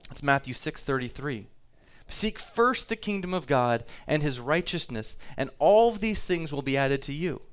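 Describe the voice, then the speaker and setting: A man's voice: a little high, animated, moderate pace, hardly any pauses, clear, resonant tone. A man preaching a sermon to his congregation, talking easily, reading scripture aloud and repeating himself now and then. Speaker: pastor.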